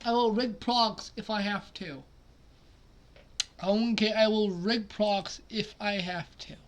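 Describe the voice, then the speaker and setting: A man commenting casually on a basketball simulation, muttering quietly at times and then breaking into loud, excited outbursts. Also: high voice, slow. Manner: excitable, swings from mumbled asides to loud outbursts. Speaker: simulation gaming streamer.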